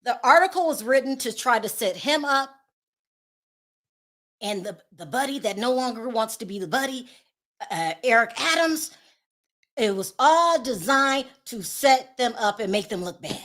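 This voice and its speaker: A woman with a slightly high voice talks straight to her audience in casual gossip commentary. She is sassy and sarcastic and keeps breaking into laughter at her own jabs. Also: animated, moderate pace, a bit bright. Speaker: commentary vlogger.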